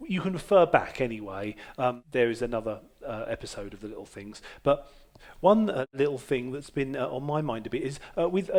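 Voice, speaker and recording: A podcast host and musician with a mid-range, darkish voice leads a casual chat from a basement room. He rambles hesitantly, full of fillers and restarts, with wry, self-mocking humour.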